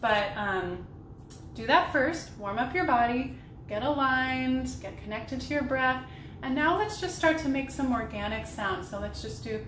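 A young woman voice teacher leading a vocal warm-up, talking gently and slowly between sung demonstrations. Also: on the high side, a little hiss or hum. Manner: slow, gentle guiding talk with sung demonstrations. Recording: roomy sound with piano behind.

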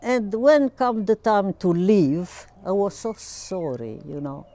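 An older woman, recalling her past slowly in broken, tearful English. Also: medium pitch, animated, dark tone. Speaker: interviewee. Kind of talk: personal recollection.

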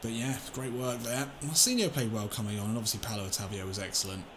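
A man commentating on his own football video game career, excitable, swinging between calm muttering and shouting, with laughs. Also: on the low side, fast, background noise. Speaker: gaming YouTuber.

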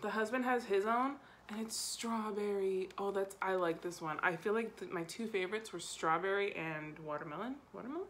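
A young woman chatting excitedly at home as she unboxes makeup, gasping and giggling as she goes. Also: mid-range voice, fairly quick, few pauses, slight background noise. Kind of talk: excited casual unboxing chat. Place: home room.

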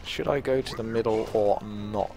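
A man's voice: on the low side, normal speed, gravelly, over music. A man hosting his own gaming channel, giving chatty, self-mocking play-by-play commentary. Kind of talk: live gameplay commentary.

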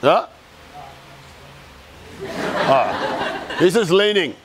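Over a noisy background, an Australian man with a slightly high voice and lively intonation talks at a moderate pace. He's giving a creative talk to a live audience in an event room, swearing freely, staying casual and blunt, and quizzing the crowd.

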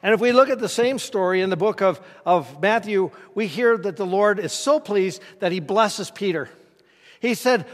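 Here a man preaches as pastor, keeping things folksy and conversational and pausing for questions to the congregation. His intonation is lively, and his voice sits noticeably high for a male speaker. Sound trails off in the long reverb of a church sanctuary.

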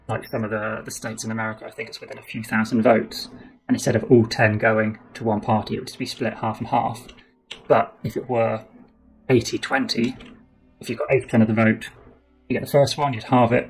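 A man's voice: mid-range voice, creaky, low-quality recording. A British man streaming a board game playthrough, explaining rules step by step as he thinks aloud.

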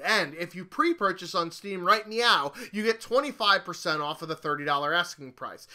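A man's voice: fairly high pitch, pushed and bright. A young man narrating a scripted video game review voice-over, with crude, jokey asides.

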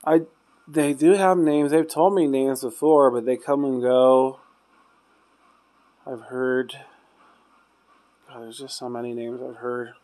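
A man's voice: medium pitch, steady tone, slow pace, long pauses. Male paranormal investigator, loose chatty delivery, old hotel room at night. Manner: rambling, trails off quietly. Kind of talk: casual chat during ghost hunt.

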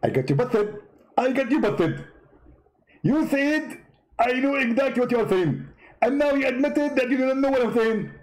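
A man doing a mocking impression of a boastful, taunting male preacher in a high voice. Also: lively intonation, low-quality recording. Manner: boastful, taunting, fast rambling.

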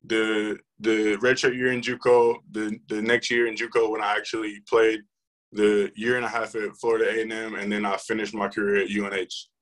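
Young man, football player, casual interview, rambling, low voice, monotone. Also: normal speed, poor audio. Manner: relaxed, rambling, lots of fillers and restarts.

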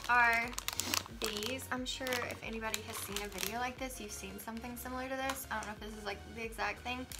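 A woman's voice: a little high, fairly even intonation, quick pace, heavy background noise. A woman co-hosting a casual candy tasting vlog, talking in a chatty, loose way full of "like" and "um". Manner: chatty, filler-heavy with "like" and "um". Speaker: vlog co-host, daughter. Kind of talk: casual chat.

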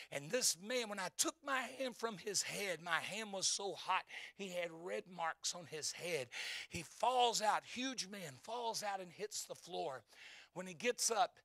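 A man in his fifties preaching a sermon in church, telling a story in hushed tones and then building to fervent shouts. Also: high voice, no echo, studio quality. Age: 50s.

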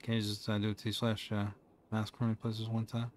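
A young man playing a police officer in an online game role-play, talking calmly and coaxingly with dry jokes. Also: on the low side, a little fast, a little hiss or hum. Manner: calm, coaxing, dryly joking.

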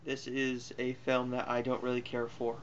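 A man's voice: mid-range voice, monotone, normal speed, slight background noise. Offhand rambling man, muffled lo-fi recording. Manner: rambling and offhand, with fillers and self-corrections. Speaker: film reviewer. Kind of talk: casual spoken movie review.

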